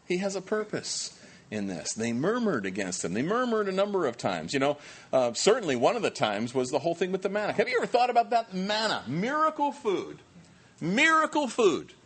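A man preaching a sermon as pastor, animated and humorous, acting out voices. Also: high voice, a little fast, breathy edge. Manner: animated, acts out quoted voices, self-deprecating humor.

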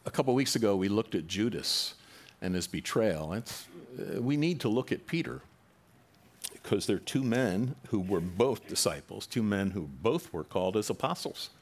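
Conversational low-voiced male preacher. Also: animated, moderate pace. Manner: conversational preaching, acts out quoted voices with rising animation. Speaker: pastor. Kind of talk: sermon.

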